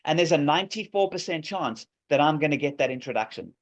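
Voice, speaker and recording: Animated and quick, with a fairly high pitch, a man pitches an app during a video call demo in a keen, salesy way, restarting often and leaning on fillers. The video call microphone leaves the sound flat and low-fidelity.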